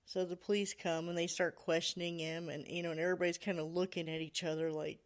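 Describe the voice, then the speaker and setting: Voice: medium pitch, little pitch movement, quick pace, hardly any pauses. A podcast host casually retelling a story, full of "you know" and "like," laughing now and then.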